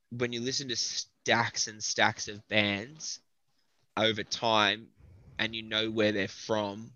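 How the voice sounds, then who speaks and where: A man's voice: lowish voice, pushed and bright, no room sound. An Australian man, a metal vocalist, chatting casually in an interview and thinking aloud with lots of fillers. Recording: dull lo-fi dry audio.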